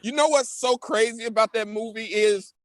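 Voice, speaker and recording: A man co-hosting a podcast, animated and laughing often in casual chat. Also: high voice, normal speed, no room sound, clean studio sound. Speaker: podcast co-host.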